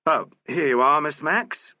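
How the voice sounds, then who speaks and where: A man's voice: a little high, unhurried, no echo, studio quality, voice pushed up. Man reading a suave, courteous inspector. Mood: charming. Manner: courteous, urbane, gently ironic. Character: suave, polite male police inspector. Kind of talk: audiobook character voice.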